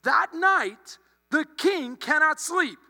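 A man preaching with a very high, sharp, ringing voice, acting out the characters as he tells the story. His sermon echoes with a long reverb through a church hall over a low mains hum. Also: slow, gravelly. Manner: animated, acts out characters' lines. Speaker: pastor.

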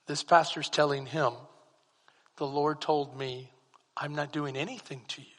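Guy preaching in a big echoey church, high bright voice, gets loud and fired up. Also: steady tone, normal speed. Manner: impassioned preaching that rises to shouts. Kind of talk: sermon. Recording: long reverb of a large hall.

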